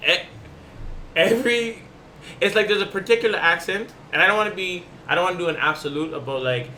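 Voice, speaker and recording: A man's voice: high voice, brisk, pushed and bright, a little hiss or hum. A young man hosting a podcast, chatting casually and joking, often restarting his sentences. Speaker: podcast host. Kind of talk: casual chat.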